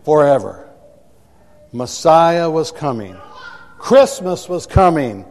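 A man's voice: fairly high pitch, big pitch swings, takes it slowly, darkish tone, in a large hall. A man preaching a sermon to a congregation, emphatic and repeating words for effect, recorded in a church sanctuary. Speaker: pastor.

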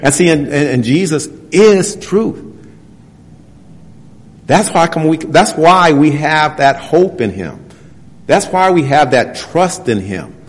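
A man preaching a sermon. He reads scripture passages slowly and presses his points with rhetorical questions. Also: on the high side, lively intonation. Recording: long hall reverb.

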